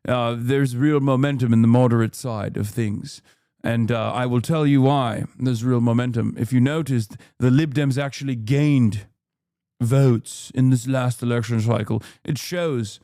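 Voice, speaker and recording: A man voicing a pompous centrist gentleman in a put-on posh British accent, plummy and condescending. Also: mid-range voice, a little slow, no room sound, clean studio sound, voice pushed down, close to an everyday voice. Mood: smug.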